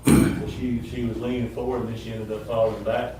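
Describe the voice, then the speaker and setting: A man questioning a witness in court, asking brisk, direct questions. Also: medium pitch, little pitch movement. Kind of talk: courtroom examination. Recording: distant, very echoey, noisy courtroom mic.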